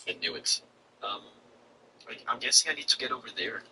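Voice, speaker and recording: A man streaming a block-building game, thinking aloud and reacting with excitement to what he finds. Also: mid-range voice, brisk, recorded from a distance, slight background noise, low-quality recording. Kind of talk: live gameplay commentary.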